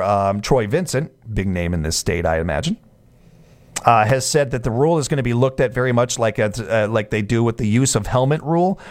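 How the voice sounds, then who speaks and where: Male sports radio host, casual and jokey, mid-range voice, stumbles and restarts often. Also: medium pitch. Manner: chatty, jokey asides, frequent restarts.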